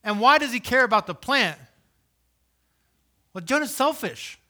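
Bright-voiced man preaching with dynamic swings. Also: lively intonation, measured pace. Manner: dynamic, swings from loud emphasis to hushed low delivery; reads scripture aloud and voices imagined questions. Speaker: pastor. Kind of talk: sermon.

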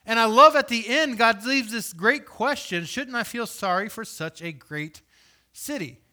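Bright-voiced man preaching with dynamic swings. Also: expressive, unhurried. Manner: dynamic, swings from loud emphasis to hushed low delivery; reads scripture aloud and voices imagined questions. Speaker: pastor. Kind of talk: sermon.

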